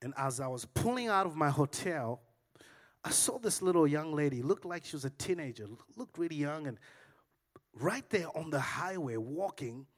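A male preacher speaks to his congregation in a church, pitched a touch high. He tells a personal story in an animated way and swings from calm talk to loud, excited outbursts. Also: normal speed. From Africa. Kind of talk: sermon.

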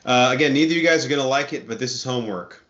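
A man's voice: mid-range voice, rapid-fire, a bit bright. A man co-hosting a podcast in casual chat, handing out movie recommendations in a wry, bossy, sarcastic way. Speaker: podcast co-host. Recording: muffled lo-fi podcast audio.

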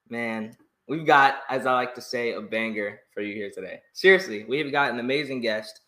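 Excitable young man hosting, echoey room. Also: medium pitch. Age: young adult. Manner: excitable, laughs often. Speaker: podcast host. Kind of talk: casual interview.

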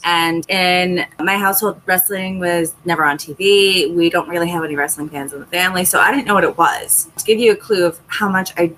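A woman's voice: lowish voice, fairly quick, hardly any pauses, a bit bright, a little hiss or hum, low-quality recording. A young woman, an independent pro wrestler, chatting candidly as an interview guest and telling self-mocking stories. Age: young adult. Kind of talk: casual interview chat.

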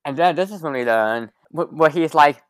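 A woman's voice: deep voice, expressive, normal speed, no echo. A woman podcast host in casual chat, recapping a movie's plot with lots of fillers and little laughs.

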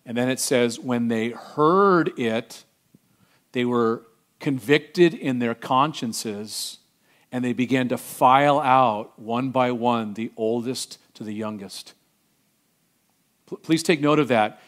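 A middle-aged man preaching a sermon, acting out voices and swinging from loud declarations to hushed, tender lines. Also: medium pitch, slow. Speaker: pastor.

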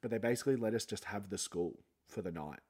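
A young podcast host with a lowish, slightly mellow, husky voice talks quickly and with animation in a casual solo episode. He sounds a little funny from a sore jaw after wisdom tooth removal, and his chat is rambling and self-mocking.

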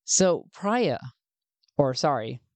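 A woman's voice: low-pitched, big pitch swings, slow, darkish tone, no room sound. A woman narrating a solo tabletop game, thinking aloud as she rolls dice.

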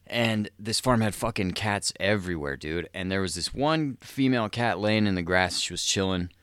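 A man with a very low, smooth voice riffs profanely as a podcast host. He rambles and chuckles through his stories. The sound is dry and close. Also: normal speed, a bit bright, no echo. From South Dakota. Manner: profane, rambling, laughs mid-sentence. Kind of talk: crude comedic monologue.

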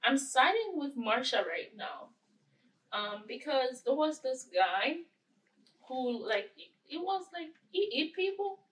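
A woman's voice: high-pitched, very animated, slow, far from the mic, rough recording. A woman co-hosting a podcast, telling a story casually and often breaking into giggles. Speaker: podcast co-host. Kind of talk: casual chat.

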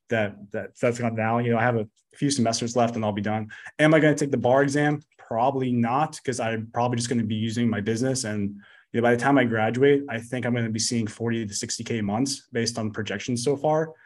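A man who is a podcast guest, talking casually in a rambling, blunt way, full of fillers and swearing. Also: mid-range voice. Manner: rapid, rambling, full of "like" and "you know". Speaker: podcast guest, business coach. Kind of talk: casual interview chat.

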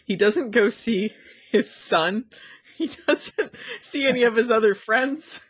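A woman's voice: a little high, slow, slightly rough, no echo. A woman co-hosting a casual chat, blunt and sweary, laughing as she mocks the episode. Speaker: podcast co-host.

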